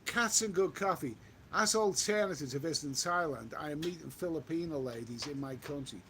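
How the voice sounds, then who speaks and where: Chatty man, high voice. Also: a little fast, fairly bright tone, slight background noise. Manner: chatty, repeats himself, reads comments aloud. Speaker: travel vlogger reading live chat. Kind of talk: casual live-stream chat. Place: outdoors on a walk.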